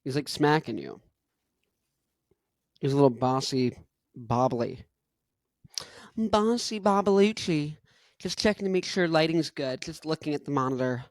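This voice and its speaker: A man's voice: mid-range voice, moderate pace, pauses often, no room sound, clean studio sound. A young man hosting a casual podcast, rambling in laid-back slang and chuckling between thoughts. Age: young adult. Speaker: podcast host. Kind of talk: casual chat.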